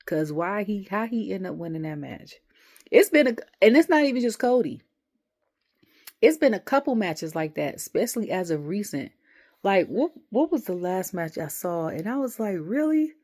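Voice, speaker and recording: A woman's voice: fairly low pitch, darkish tone. A young adult woman, rambling animatedly through a casual wrestling review and acting out the voices she quotes.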